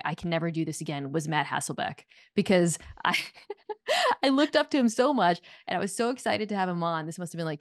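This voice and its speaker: A woman's voice: lowish voice, no echo. A woman guest on a talk podcast, telling stories in a wry, dry way in casual chat.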